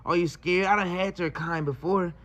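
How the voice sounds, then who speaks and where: A man voicing a creepy, predatory woman who talks in a hushed, menacing way. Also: high voice, steady tone, moderate pace.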